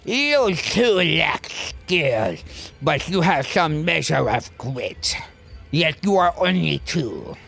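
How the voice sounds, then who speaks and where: Brief: taunting fantasy boss, deep and drawn out, put on by a gamer. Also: big pitch swings, takes it slowly, creaky, fairly bright tone, faint music behind, heavily acted.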